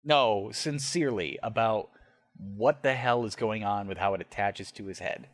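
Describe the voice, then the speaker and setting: A man in his thirties co-hosting a podcast, chatting casually in an animated way with stammering restarts. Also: on the low side, normal speed, no room sound, clean studio sound, soft background music. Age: 30s. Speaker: podcast co-host. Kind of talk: casual recap chat.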